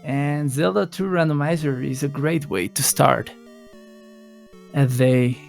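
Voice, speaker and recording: Slow, gravelly male caster from Colombia, laid-back late-night commentary over faint music. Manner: relaxed, low late-night voice, halting restarts. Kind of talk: live esports commentary.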